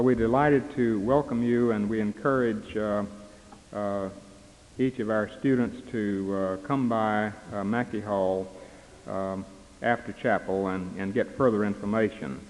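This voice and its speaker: A man presiding at chapel, giving announcements and introducing the speaker, with frequent halting fillers. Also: on the low side, steady tone, a little mellow. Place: chapel with long reverb. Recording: long chapel reverb.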